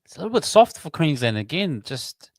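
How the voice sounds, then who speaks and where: A man chatting casually about the match as a podcast co-host, making relaxed, offhand remarks on the play. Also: fairly high pitch, a little fast, dry recording. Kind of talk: casual match commentary chat.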